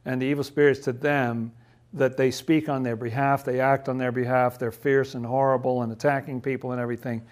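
A man's voice: mid-range voice, darkish tone. A man leading a casual Bible study, chatty and laughing often, who acts out the figures' lines in playful voices.

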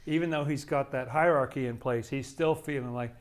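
Male Bible study teacher, chatty and halting, mid-pitched, full of fillers. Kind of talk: informal Bible study commentary.

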